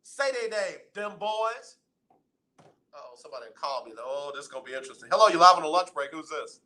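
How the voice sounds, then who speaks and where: A man running a sports talk radio show in a high, bright voice. He teases the fans and preaches at them in loud, playful banter. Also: expressive, fast talker. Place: radio studio.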